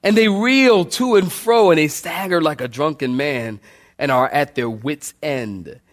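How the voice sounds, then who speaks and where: Speaking a little slowly, a male pastor calls out to his congregation during a sermon, his pitch and volume swinging dynamically.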